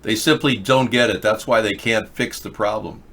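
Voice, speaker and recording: Older male host, low bright voice, rambling opinionated commentary, loose and unscripted. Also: moderate pace. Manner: rambling, opinionated, with restarts and fillers. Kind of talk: casual commentary on video clips.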